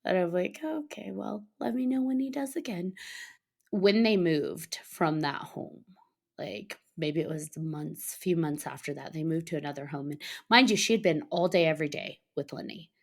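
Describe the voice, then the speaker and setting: A woman telling a story in a casual podcast chat, animated, laughing often and acting out the lines of other people. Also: low voice, moderate pace, vocal fry. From Colorado. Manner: animated, laughing, acts out quotes. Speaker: podcast guest.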